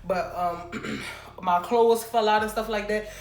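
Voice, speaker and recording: A young woman vlogger telling a casual storytime, animated and chatty, talking straight to her viewers. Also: mid-range voice, slow pace. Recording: roomy room with faint background noise.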